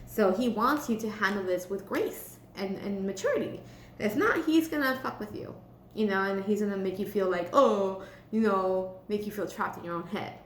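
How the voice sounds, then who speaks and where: A woman's voice: mid-range voice, expressive, normal speed. Chatty, blunt woman in an echoey room. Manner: chatty and blunt, with casual swearing. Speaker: tarot reader. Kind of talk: casual tarot reading for a star sign. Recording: echoey room with faint hum.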